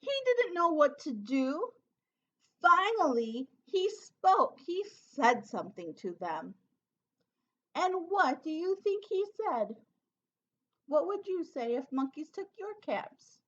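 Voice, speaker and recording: A woman teacher reading a picture book aloud to children, pausing to ask them questions and prompt them to act along. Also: high-pitched, big pitch swings, fairly bright tone, highs cut off. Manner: interactive, asks children questions. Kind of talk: storybook read-aloud for children.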